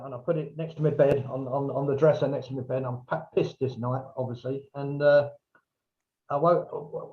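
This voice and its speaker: A man, his voice sitting a touch higher than most, spins a rambling story and jumps up in pitch whenever he quotes someone. The sound is dull and lo-fi, like a remote call. It feels like a relaxed podcast chat. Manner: animated, quotes others in lively raised voices. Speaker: podcast guest, author. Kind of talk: casual anecdote storytelling.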